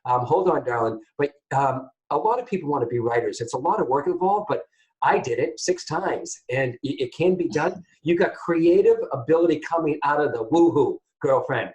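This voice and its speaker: Man, psychic medium, radio host, chatty, animated, call-in readings. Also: fairly high pitch, moderate pace, rough recording. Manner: chatty, animated, addresses audience as guys.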